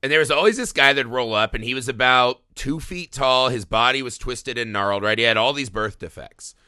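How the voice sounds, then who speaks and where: A man's voice: medium pitch, a little fast, clear, resonant tone, dry recording, studio quality. A man in a casual film discussion, telling stories with plenty of swearing. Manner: animated storyteller, swears freely. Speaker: podcast co-host.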